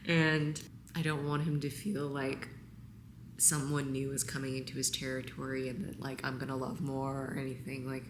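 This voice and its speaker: A woman vlogger talking on camera, tearful and halting, sometimes dropping to a whisper. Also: extremely low pitch, level tone, reverberant, background noise. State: crying. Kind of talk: emotional on-camera talk.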